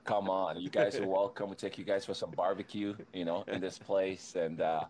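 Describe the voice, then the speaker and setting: A man's voice: sits low, little pitch movement, moderate pace, a little mellow, a little hiss or hum. A man appearing as a guest on a radio show, jovial and hospitable as he offers to show the hosts around. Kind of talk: remote interview.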